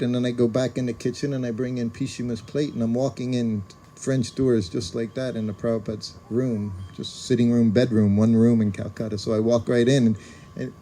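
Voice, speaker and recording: An older man telling personal memories in a casual, animated way, acting out the lines of people he quotes. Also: slight background noise. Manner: animated, acts out quoted voices with rising pitch. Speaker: speaker recounting memories as a former personal servant. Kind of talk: casual storytelling talk.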